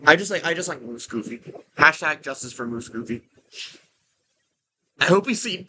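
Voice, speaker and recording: A man's voice: on the high side, expressive, moderate pace, bright, forceful tone, a little hiss or hum. A man giving casual, rambling commentary while playing a game, full of restarts and fillers. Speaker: game streamer.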